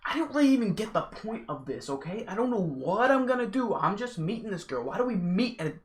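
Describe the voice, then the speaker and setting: A young man telling a casual story on his vlog, animated and slangy. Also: high voice, quick pace. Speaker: vlogger. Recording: echoey room.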